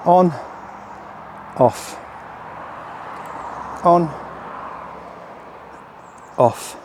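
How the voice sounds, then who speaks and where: A product developer tests his product's range outdoors on his rural property, walking and chatting breathlessly with plenty of fillers. His voice is a little high, and he draws out his words, with slight background noise around him.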